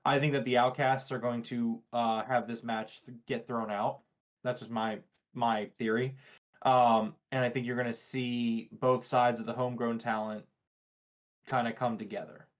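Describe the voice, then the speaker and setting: A man co-hosting a casual podcast, laying out his views in a thoughtful, analytical way with plenty of fillers and restarts. His pitch is ordinary, and the recording sounds dull and lo-fi. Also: little pitch movement, normal speed. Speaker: podcast co-host. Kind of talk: casual wrestling review chat. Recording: dull, lo-fi mic.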